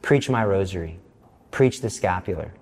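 A man putting on the calm, lowered voice of God giving firm commands. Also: moderate pace, breathy edge, in a large hall, heavily acted. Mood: stern calm. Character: calm deep-voiced God speaking, stern.

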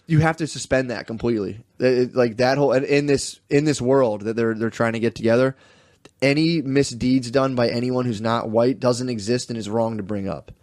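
A man's voice: mid-range voice, moderate pace, no echo. Young man, student, casual chat, mocking storyteller, dry close sound. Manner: animated storytelling with mocking quoted voices.

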